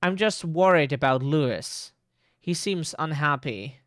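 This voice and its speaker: A man's voice: on the high side, a little slow, fairly bright tone, dry recording, studio quality. A man reading game dialogue aloud, voicing a worried 1960s housewife in a raised, pleading voice. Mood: soothing.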